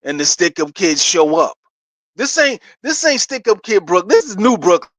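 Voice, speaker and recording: A man's voice: sits high, very animated, moderate pace, fairly bright tone, no echo. A middle-aged man with a New York accent, trash-talking casually as a sports fan host, laughing between his points. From New York City.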